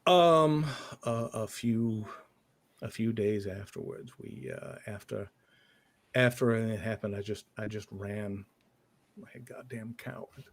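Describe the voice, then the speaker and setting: A guilt-ridden occult investigator, played by a man at a tabletop game, recalling his ordeal with a low, gravelly rasp. He stumbles through each sentence, stopping and restarting in a halting way. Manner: halting, hesitant storytelling. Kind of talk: in-character tabletop role-play.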